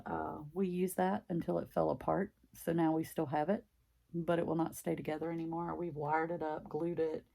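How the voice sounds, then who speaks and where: Casting: older Southern woman, thick country accent, low gravelly voice, chatty craft vlogger. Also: dark tone. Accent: deep Southern US country. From Mississippi, US. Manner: rambling, chatty, filler-heavy. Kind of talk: casual chat while stitching.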